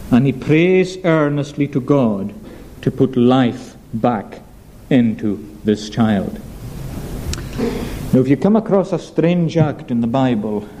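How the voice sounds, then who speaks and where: A man preaching a sermon, earnest and emphatic, slowing down on weighty phrases. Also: mid-range voice, dark tone, a little hiss or hum.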